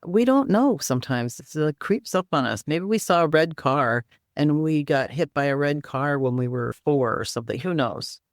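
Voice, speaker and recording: A woman's voice: sits low, lively intonation, moderate pace, dry recording, clean studio sound. A woman guest in an interview, explaining healing practices and teaching simple exercises step by step. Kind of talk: interview conversation.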